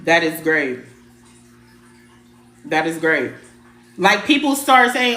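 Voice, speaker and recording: A woman's voice: mid-range voice, slow pace, pauses often, bright, forceful tone, roomy sound. A woman hosting a live spiritual stream, talking casually and bluntly, repeating her points, swearing mildly and greeting viewers by name. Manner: blunt, emphatic, repeats phrases, mild swearing.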